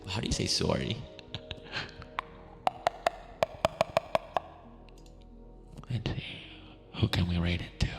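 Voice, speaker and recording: Very slowly and with long pauses, a man with a very deep, gravelly voice wraps up an ASMR stream, shifting between a soft whisper and quiet speech. He sounds affectionate and relaxed, laughing lightly and often. Faint music plays behind him, and a long reverb trails each word.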